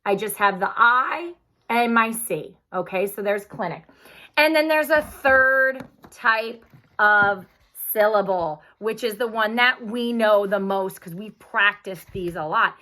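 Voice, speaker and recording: A woman teacher giving a phonics lesson, patient and encouraging, speaking slowly and clearly. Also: mid-range voice, bright, forceful tone.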